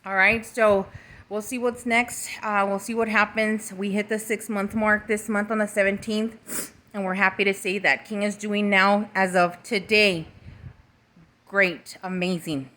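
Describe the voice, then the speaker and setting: A woman's voice: medium pitch, steady tone, unhurried, fairly bright tone. A woman giving a casual, emotional vlog update as a mother, swearing freely and talking straight to her viewers. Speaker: mother and vlogger.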